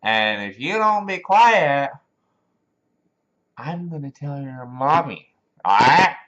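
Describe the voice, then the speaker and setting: A man voicing a loud, bossy drunk man with a put-on Southern drawl, slurring his words slowly, in a dull lo-fi recording. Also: medium pitch, sing-song, pitched above the performer's own voice.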